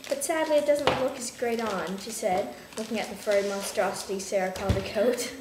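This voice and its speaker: Woman, soft amused reading, somewhat high, echoey room, background noise. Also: moderate pace, few pauses. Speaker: creative writing group member. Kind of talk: reading a story aloud.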